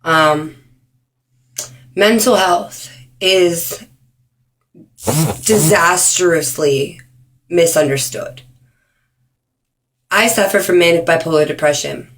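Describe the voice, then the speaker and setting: A woman talking straight to camera in an earnest personal video, with many ums and pauses for emphasis. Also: fairly low pitch. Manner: earnest, frequent ums, speeds up and slows down for emphasis. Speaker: vlogger. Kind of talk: earnest direct-to-camera awareness talk.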